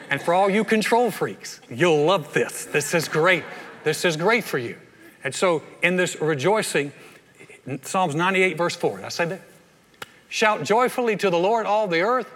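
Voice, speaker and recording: A man's voice: on the high side, expressive, moderate pace, fairly bright tone, long reverb tail. An older man, a pastor preaching a sermon in a folksy, conversational way with playful asides. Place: church hall.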